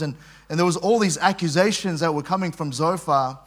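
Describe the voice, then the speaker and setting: A man's voice: fairly high pitch, fairly quick, a bit bright. A man preaching a sermon, reading scripture aloud and talking it through in a conversational way, with frequent repeated words. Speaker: pastor.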